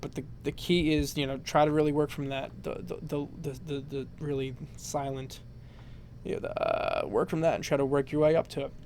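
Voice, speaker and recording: A man's voice: on the high side, level tone, brisk, darkish tone, slight background noise. A man explaining a vocal technique in a casual, rambling tutorial, full of fillers and "you know".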